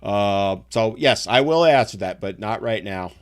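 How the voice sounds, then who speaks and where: A man's voice: lowish voice, animated, unhurried. A middle-aged man hosting a live stream, chatting casually and rambling through side stories while he answers viewer comments. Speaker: live show host reading viewer chat.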